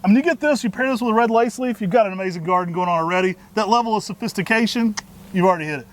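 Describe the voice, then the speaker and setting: A man co-hosting a plant show, pitching trees with folksy enthusiasm. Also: very fast. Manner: energetic, folksy, says y'all. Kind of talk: enthusiastic product talk.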